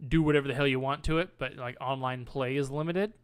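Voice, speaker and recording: A man's voice: medium pitch, steady tone, fast, clear, resonant tone. A man co-hosting a casual podcast, telling stories and teasing his friends. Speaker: podcast co-host. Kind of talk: casual chat.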